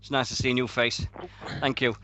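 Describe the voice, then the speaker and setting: A man's voice: medium pitch, fairly quick, no echo. A man, hosting a casual wrestling radio show and telling stories with lots of swearing and laughter. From Sheffield, England. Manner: animated storytelling with heavy swearing and laughter. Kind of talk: casual chat.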